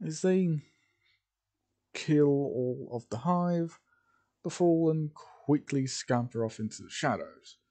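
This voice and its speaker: Slow, mellow man telling a fan story. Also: fairly high pitch. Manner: halting, with many fillers and self-corrections. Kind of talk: improvised fan fiction storytelling.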